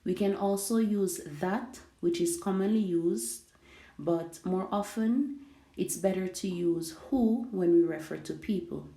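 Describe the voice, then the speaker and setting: A woman teaching an English grammar lesson, explaining slowly and glossing words in Spanish. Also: on the low side, vocal fry, mellow. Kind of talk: language lesson. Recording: echoey room.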